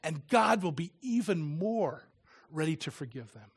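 A middle-aged man preaching and telling a personal story in earnest, often dropping to a hush at solemn moments. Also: fairly high pitch, sing-song, unhurried, husky. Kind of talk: sermon with personal testimony.

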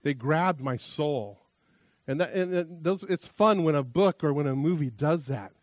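A man's voice: a little high, expressive, unhurried, no echo. A man preaching a sermon as pastor, a chatty, self-deprecating storyteller who often restarts his sentences.

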